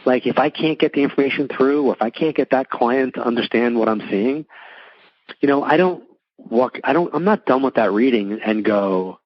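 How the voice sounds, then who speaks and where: Middle-aged man, husky voice, talking casually in a dry, close room, muffled sound. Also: mid-range voice, moderate pace, dry recording. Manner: chatty, many likes and restarts, acts out quoted voices. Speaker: psychic medium guest. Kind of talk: casual storytelling interview.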